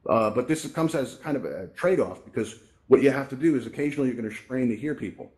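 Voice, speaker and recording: A man's voice: medium pitch, animated, fast talker, a little mellow. A man hosting a VR event, explaining fixes in a casual, upbeat way and often checking in with "right?", speaking through a headset mic. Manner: chatty, upbeat, keeps asking "right?". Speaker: host and presenter of a VR tech event. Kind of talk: casual spoken tutorial. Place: virtual reality event space. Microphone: VR headset microphone.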